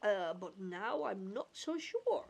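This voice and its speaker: A woman's voice: mid-range voice, very animated, slow pace, vocal fry, darkish tone, breathy edge, heavily acted. A woman voicing a bumbling, forgetful male cartoon dog in a folksy put-on accent, reading game dialogue aloud. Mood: muddled.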